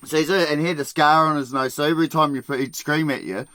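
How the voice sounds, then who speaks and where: A man casually telling a long work story as a podcast host, swearing constantly, laughing often and acting out the shouting of people he worked with. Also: on the high side, fairly even intonation, fast.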